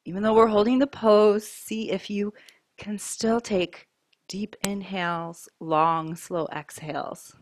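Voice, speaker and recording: A woman teaching a yoga class, giving calm, mindful cues about breath and poses while wearing a mic. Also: medium pitch, no echo. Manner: calm, slow, mindful cueing. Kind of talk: guided yoga class instruction.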